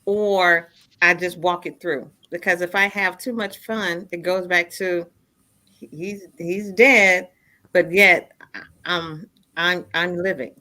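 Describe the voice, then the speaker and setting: A woman's voice: lowish voice, fairly even intonation, slow pace, bright, forceful tone. A woman in her fifties telling her own story as a radio show guest, earnest and repeating phrases for emphasis. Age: 50s. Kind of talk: personal storytelling in a radio interview.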